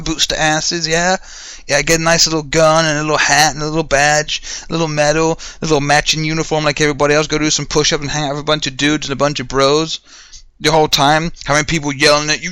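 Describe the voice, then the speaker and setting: A man's voice: fairly high pitch, little pitch movement, fast, sharp tone, smooth. A man hosting a podcast, ranting heatedly in a solo monologue, swearing and firing off rhetorical questions. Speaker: podcast host.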